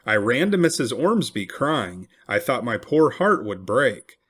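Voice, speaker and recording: A man reading a historical memoir aloud, expressive and raising his voice for cried-out quotes. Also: medium pitch, unhurried, breathy edge. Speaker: reader.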